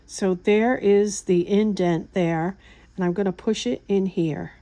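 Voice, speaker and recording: A woman hosting a craft tutorial, calmly explaining each step in a relaxed, chatty way as she works. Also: medium pitch, unhurried. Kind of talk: hands-on craft demonstration.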